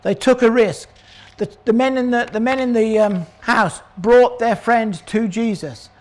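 Older guy preaching a sermon, high voice, animated storytelling. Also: measured pace. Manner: animated, acts out voices of crowd and characters.

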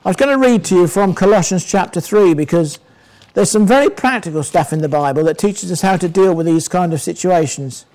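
Older man, high-pitched, sermon, conversational preacher, asks the congregation questions. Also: brisk, darkish tone, low-quality recording.

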